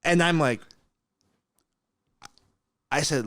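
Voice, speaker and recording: A man's voice: mid-range voice, big pitch swings, moderate pace, a bit bright, no room sound, clean studio sound. A man hosting a casual podcast, telling a story bluntly and with animation. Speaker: mortgage broker, podcast host.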